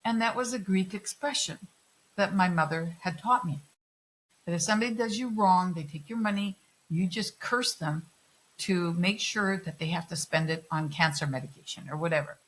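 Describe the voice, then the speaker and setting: A middle-aged woman telling personal stories in a candid interview, animated and swearing freely as she acts out other people's lines. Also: lowish voice, moderate pace, rough recording. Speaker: guest. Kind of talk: candid conversational storytelling.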